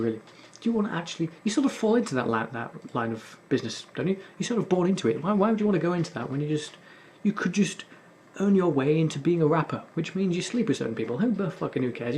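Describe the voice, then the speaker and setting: A man's voice: on the high side, a little mellow, slight background noise. A young man hosting a gaming video, rambling in casual sardonic commentary and swearing often. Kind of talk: casual commentary while playing.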